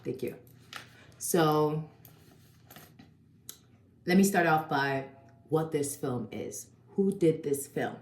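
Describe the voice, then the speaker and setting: Low-voiced woman chatting a film review in an echoey room. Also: slow, long pauses, darkish tone. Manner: chatty, slangy and profane. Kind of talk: casual video review.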